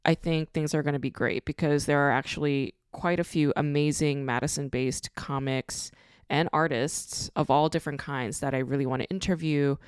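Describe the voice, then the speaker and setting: A woman's voice: sits low, steady tone, normal speed, clear, resonant tone, no echo, clean studio sound. A woman hosting a podcast, talking casually in a blunt, ranting way and swearing freely. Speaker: podcast host. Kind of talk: casual monologue.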